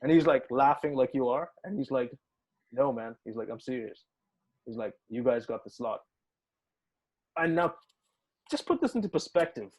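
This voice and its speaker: A man speaks at a moderate pace in a mid-range voice, leaving long pauses. He's a musician from the United Arab Emirates appearing as a guest in a casual interview, telling a story animatedly with lots of swearing and acted-out dialogue.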